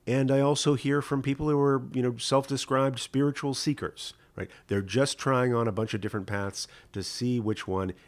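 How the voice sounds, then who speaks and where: A man's voice: medium pitch, steady tone, normal speed, few pauses. A middle-aged man, a rabbi hosting a live podcast, teaching in a conversational, welcoming way with frequent fillers. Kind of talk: live-streamed teaching and chat.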